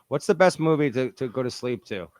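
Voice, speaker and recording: A man's voice: medium pitch, expressive, normal speed, darkish tone. A man, hosting a podcast interview in a playful, teasing, mock-formal way. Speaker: podcast host. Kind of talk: casual interview.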